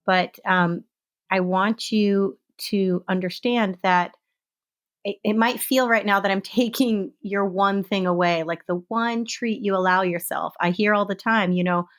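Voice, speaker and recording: A woman's voice: medium pitch, steady tone, a little slow. A woman hosting a solo podcast, talking in an earnest, impassioned, conversational way. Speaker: podcast host.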